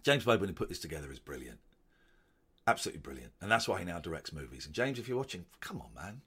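Animated man reminiscing. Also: low voice, very fast, husky. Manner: animated, jumps into silly voices. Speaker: comedian commenting on his old show. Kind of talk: casual chat.

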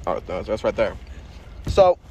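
A man's voice: on the low side, very animated, measured pace, warm tone, muffled recording, a little hiss or hum. A man hosting a casual podcast, talking in a profane, boastful and swaggering way. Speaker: podcast host.

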